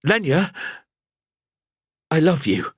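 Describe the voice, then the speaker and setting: A man's voice: on the high side, big pitch swings, takes it slowly, slightly rough, no echo, studio quality, voice pushed up, heavily acted. A male narrator voicing an injured young knight who speaks pleadingly and earnestly.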